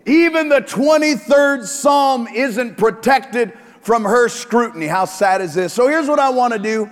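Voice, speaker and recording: High-voiced joking pastor preaching. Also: male voice, lively intonation, measured pace, long reverb tail. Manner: joking, emphatic, talks to the congregation. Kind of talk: sermon.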